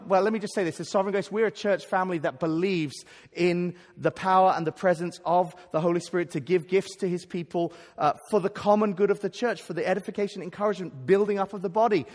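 Guy preaching a sermon, high voice, earnest and emphatic, trips over his words, big echoey hall. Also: brisk. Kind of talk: sermon at a conference. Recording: long hall reverb.

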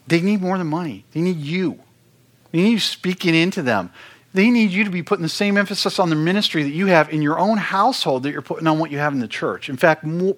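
A man's voice: fairly high pitch, fairly bright tone. Earnest middle-aged man preaching. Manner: earnest, conversational, repeats words when stressing points. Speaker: worship ministry speaker. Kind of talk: sermon-style teaching talk.

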